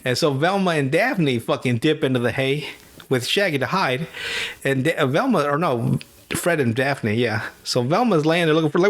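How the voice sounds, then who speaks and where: A man hosting a podcast, retelling a cartoon episode in casual, profane chat, laughing often and slipping into quick character voices. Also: on the high side. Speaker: podcast host.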